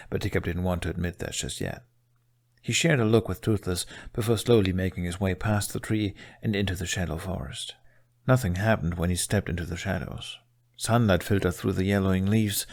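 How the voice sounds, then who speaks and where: A man reading a fan story aloud in a steady, soft-spoken narration. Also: sits low. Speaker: fanfiction reader. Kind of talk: audiobook narration.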